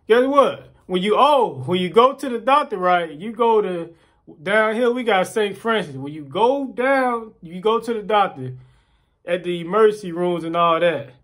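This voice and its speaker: A man's voice: high-pitched, moderate pace. A man ranting casually to the camera, acting out quoted voices and repeating himself as he tells stories. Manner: animated storytelling, acts out quoted voices, repeats words. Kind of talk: casual rant.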